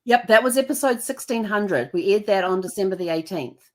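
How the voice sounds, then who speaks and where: A woman's voice: mid-range voice, lively intonation, a little fast, a little mellow. A middle-aged woman hosting an online show, telling stories in casual chat with frequent fillers and laughs. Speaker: show host.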